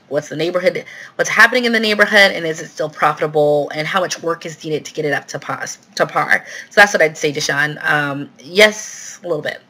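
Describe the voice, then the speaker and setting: A woman's voice: low voice, pushed and bright. A woman hosting a live question-and-answer stream, talking casually with lots of fillers as she answers viewer questions. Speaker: real estate investing host.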